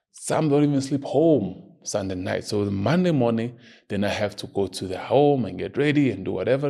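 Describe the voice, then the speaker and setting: Gravelly-voiced man giving commentary. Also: mid-range voice, darkish tone. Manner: earnest, emphatic, argumentative. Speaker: podcast host. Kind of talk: opinion commentary.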